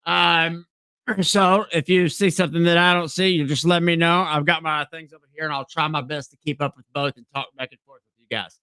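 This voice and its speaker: Southern man, high bright voice, smooth and dry, stumbling live-stream reading. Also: steady tone, brisk, dry recording. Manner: stumbling reading aloud, apologetic asides. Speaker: live stream podcast host.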